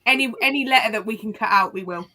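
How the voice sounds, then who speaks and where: A woman's voice: a little high, fast talker, pushed and bright. A woman with a Norfolk accent chatting casually and agreeing easily. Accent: Norfolk English. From Norfolk, England. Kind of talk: casual group chat.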